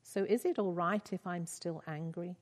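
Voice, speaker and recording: A woman's voice: fairly low pitch, fairly even intonation, normal speed, close to an everyday voice. A woman reading the lines of a grieving father, pleading and questioning. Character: grieving father struggling to forgive. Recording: reverberant hall.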